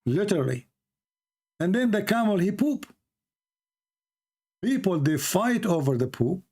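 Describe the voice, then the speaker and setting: A man's voice: sits high, very animated, a little slow, dark tone, husky. A man from the Middle East whose first language is Arabic, giving mocking, sarcastic commentary over a video he is playing. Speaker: religious commentator.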